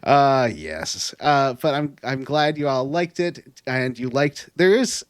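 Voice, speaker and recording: Male podcast host, casual rambler, mid-pitched, dry close mic. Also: animated, slow pace, clear, resonant tone, dry recording. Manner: rambling, self-deprecating, trails off with fillers. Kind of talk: casual gaming podcast chat.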